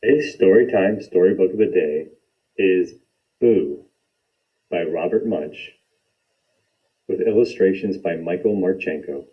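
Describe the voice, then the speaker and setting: A man reading a children's picture book aloud with expressive, animated storytelling. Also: deep voice, measured pace, pauses often. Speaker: storytime reader. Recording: dull lo-fi recording.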